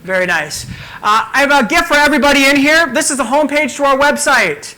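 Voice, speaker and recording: A man giving a conference keynote as a communication coach, talking in an energetic, emphatic way. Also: very high-pitched, a little fast, rough recording.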